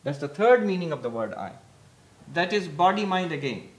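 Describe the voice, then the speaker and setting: A man's voice: a little high, big pitch swings, normal speed, husky. A monk giving a spiritual lecture at a meditation retreat, emphatic and repeating his points with rhetorical questions. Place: retreat hall before an audience.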